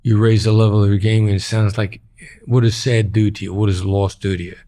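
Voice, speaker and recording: A man's voice: fairly low pitch, flat delivery, fairly quick, mellow. A middle-aged man, a former hostage negotiator, speaking as a podcast interview guest in a plain-spoken way and repeating key phrases for emphasis.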